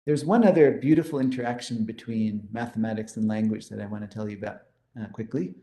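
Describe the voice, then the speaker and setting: A man's voice: lowish voice, fast talker, dark tone, reverberant. A man giving a lecture on mathematics, explaining formulas and counting step by step with enthusiasm. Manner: explanatory, enthusiastic, pointing to slides. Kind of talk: math lecture.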